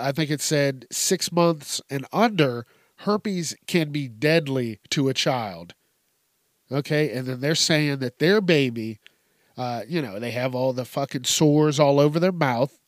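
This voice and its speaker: A man's voice: mid-range voice, no echo, clean studio sound. A man hosting a casual, profane news commentary show, telling odd stories with cursing and laughter. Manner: animated storytelling with heavy cursing and laughter. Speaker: host.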